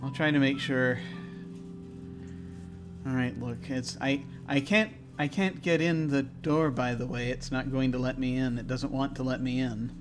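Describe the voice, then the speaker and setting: A man's voice: medium pitch, steady tone, unhurried, lightly acted. A man voicing an earnest, anxious woman. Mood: pleading. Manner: urgent, pleading. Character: anxious young woman Isabel, earnest and hurried.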